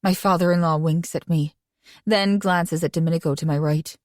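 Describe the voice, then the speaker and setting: A woman reading a romance audiobook in first person with an even, conversational delivery. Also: fairly low pitch, normal speed, dry recording, studio quality. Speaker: audiobook narrator.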